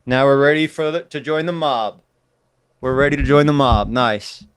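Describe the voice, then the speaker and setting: A man's voice: medium pitch, normal speed, clean tone, no echo. A man hosting a podcast in casual chat, joking and rambling with mock-tough banter. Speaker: podcast host.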